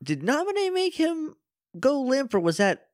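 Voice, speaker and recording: A man's voice: very high-pitched, wildly swooping pitch, normal speed, no echo, studio quality. A man co-hosting a casual podcast. He reacts to the story with jokes, swearing and frequent laughter. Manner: joking reactions, swears freely, laughs often. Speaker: podcast co-host.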